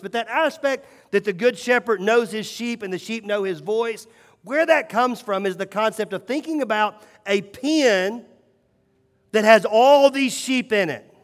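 A pastor preaching a sermon, moving between hushed, slow passages and rising, emphatic calls. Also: male voice, high voice. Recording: long hall reverb.

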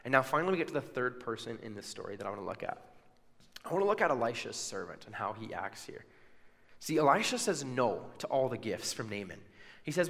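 A man's voice: mid-range voice, big pitch swings, brisk, gravelly, a bit bright, long reverb tail. A man preaching a sermon, telling a story and acting out the people's words with casual asides. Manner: storytelling with acted-out quotes and asides.

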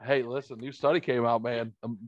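Podcast host guy, dry close mic, laughs a lot and cusses, super animated. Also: mid-range voice, fairly quick, no room sound, dull audio. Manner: animated storyteller, laughs often, swears freely. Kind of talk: casual podcast chat.

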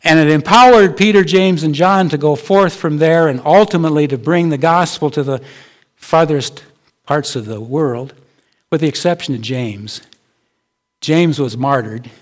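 A man's voice: on the high side, moderate pace. A male pastor preaching a sermon in a conversational way, asking his listeners rhetorical questions.

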